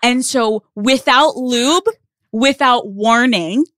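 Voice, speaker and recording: A woman's voice: on the high side, slow pace, no echo, studio quality. A young woman, a podcast guest, telling a story in casual talk and acting out the voices of the people in it. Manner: animated, acts out voices in her stories.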